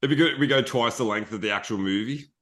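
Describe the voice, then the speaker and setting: A man's voice: mid-range voice, quick pace, a bit bright. A man with an Australian accent, a podcast guest chatting casually and rambling on.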